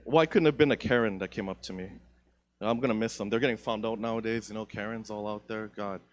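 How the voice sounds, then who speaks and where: A man's voice: fairly low pitch, quick pace. A young man doing stand-up comedy on a theatre stage, profane, rambling and self-mocking, into a handheld mic.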